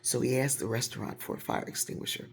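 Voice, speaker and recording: A woman telling a personal story casually to camera, animated and growing louder and quicker as it builds. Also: a bass voice, creaky, slight background noise.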